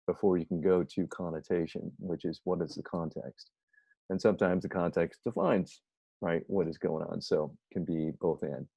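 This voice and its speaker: A man's voice: deep voice, steady tone, normal speed, creaky, dark tone, husky, no echo. A middle-aged man lecturing to a class, explaining step by step and answering his own questions. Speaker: instructor. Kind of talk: recorded lecture. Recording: dull lo-fi recording.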